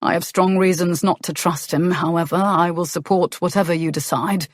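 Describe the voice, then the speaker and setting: A woman narrator voicing a charming, rueful young nobleman in a calm, earnest manner. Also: lowish voice, normal speed, no room sound, clean studio sound, natural voice.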